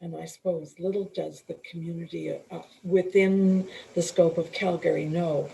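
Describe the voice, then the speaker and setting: A middle-aged woman, a coach and author, telling her story as a guest in an interview, earnest and unhurried, often restarting and clearing her throat. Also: lowish voice, steady tone, dark tone, rough recording.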